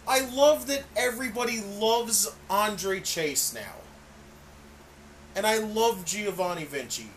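A man's voice: sits high, animated, takes it slowly, a bit bright, a little hiss or hum. A man co-hosting a casual wrestling podcast, swearing freely and laughing often. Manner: profane, enthusiastic, laughs often. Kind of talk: casual chat.

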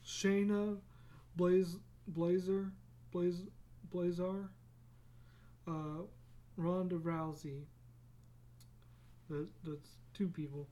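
Podcast host, casual solo chat, rambling, laughs a lot, restarts words, slow pace. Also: mid-range voice, warm tone. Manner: rambling, laughs often, restarts words, acts out quick silly voices.

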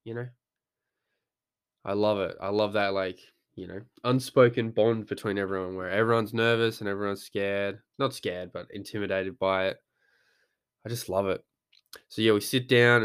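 A man's voice: on the low side, fairly even intonation, moderate pace, fairly bright tone, clean tone. A young man, talking casually as a podcast host, rambling and swearing freely as he acts out his own thoughts. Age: young adult. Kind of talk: casual monologue.

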